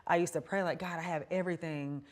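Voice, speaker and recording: A woman's voice: on the low side, steady tone, fast talker. A woman in a casual faith conversation, chatty and confiding, telling personal stories with quoted asides.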